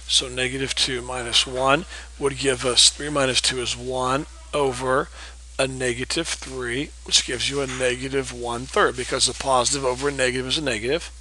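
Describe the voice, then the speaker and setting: A man's voice: medium pitch, sharp tone, a little hiss or hum, rough recording. A man teaching a recorded geometry lesson, patiently walking through problems and checking in with "okay?". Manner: patient, repeats key points with checks like "okay?". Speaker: math teacher.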